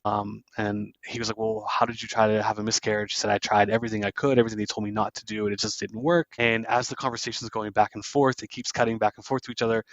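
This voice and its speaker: A man's voice: fairly low pitch, fairly bright tone, no echo, dull audio. A man hosting a podcast, loosely retelling a film scene by scene with plenty of fillers. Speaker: podcast host. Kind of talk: casual film recap.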